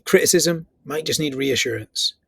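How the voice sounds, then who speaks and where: A man's voice: on the high side, normal speed, a bit bright, husky, no echo. A man giving an earnest coaching talk on relationships, repeating key phrases for emphasis.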